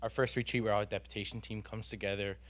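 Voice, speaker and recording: A man's voice: fairly low pitch, level tone, fast talker, fairly bright tone. A young man, giving an earnest, rambling personal testimony at a church youth gathering, full of fillers and restarts.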